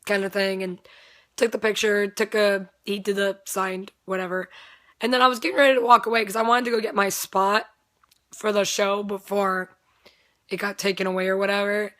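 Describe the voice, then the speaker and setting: Young woman rambling thru a story, swears a lot, voice kinda strained, middle pitch. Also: level tone, moderate pace, fairly bright tone. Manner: rambling, swears freely, laughs often. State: voice strained, not at full strength. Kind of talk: casual storytelling vlog.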